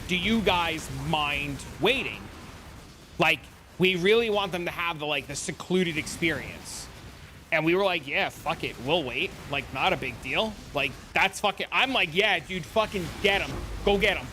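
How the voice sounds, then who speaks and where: A young man with a New Jersey accent, a streamer telling a story to his chat in a casual, profane, animated way. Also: unhurried, soft background music. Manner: animated, profane, gets loud and high when retelling arguments.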